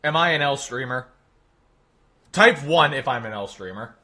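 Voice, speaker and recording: A man's voice: mid-range voice, animated, moderate pace, pushed and bright. A young man streaming live, chatting with his viewers in a jokey, exasperated way. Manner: exasperated, jokey, talks to chat. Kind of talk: casual live stream chat.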